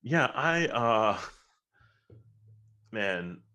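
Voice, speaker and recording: Man, low voice, fairly monotone, rambling fan talk that turns emphatic. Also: drawn-out words, clean tone. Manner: rambling, emphatic when frustrated. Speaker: podcast co-host. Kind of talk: casual sports talk.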